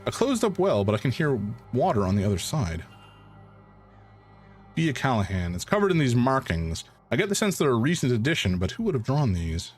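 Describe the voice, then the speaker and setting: Faint music plays behind this Canadian man as he streams a game live, talking a little fast and very animatedly at a medium pitch. He chats and rambles through the playthrough, laughing a lot and leaning on fillers.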